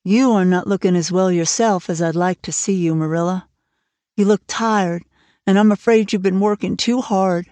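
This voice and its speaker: A woman reading the part of a bright, earnest young woman who speaks eagerly and tenderly, for an audiobook. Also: mid-range voice, normal speed, no echo, lightly acted.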